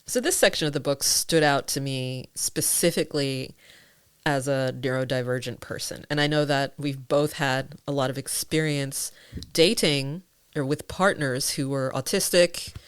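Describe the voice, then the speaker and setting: A woman's voice: very deep voice, normal speed, clean tone, no echo. A woman hosting a podcast in casual chat, who laughs often and talks with animation. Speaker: podcast host.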